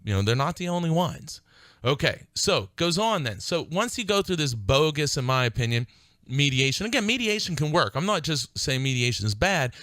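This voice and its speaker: A man's voice: on the high side, sing-song, moderate pace, bright, forceful tone, no room sound. A man hosting a legal advice radio show, talking in an emphatic, fired-up way and repeating points for stress. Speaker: radio show host and attorney. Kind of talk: call-in style legal advice radio talk.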